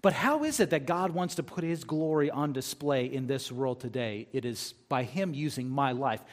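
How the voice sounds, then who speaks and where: A man's voice: medium pitch, lively intonation, normal speed, few pauses. A man preaching a sermon as pastor, talking conversationally and reading scripture aloud between his points.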